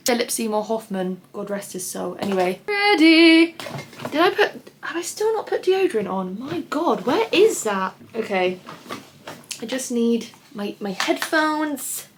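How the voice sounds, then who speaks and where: A young woman in her twenties, vlogging in casual chat to camera, candid and quick with asides, filmed on a handheld camera. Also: mid-range voice, slight background noise. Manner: chatty and candid, swearing freely, quick asides. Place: at home, then outdoors.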